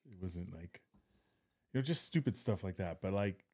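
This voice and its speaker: Deep, mellow-voiced hesitant man. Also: animated, normal speed, breathy edge. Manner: soft-spoken, hesitant, many fillers and backchannels. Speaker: podcast co-host. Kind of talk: casual chat.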